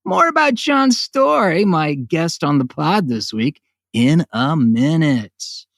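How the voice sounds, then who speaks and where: A man's voice: fairly high pitch, big pitch swings, slow pace, creaky, no room sound, studio quality. A man hosting his own podcast, ranting in a sarcastic, profane monologue that jumps between jokes and voices. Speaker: podcast host.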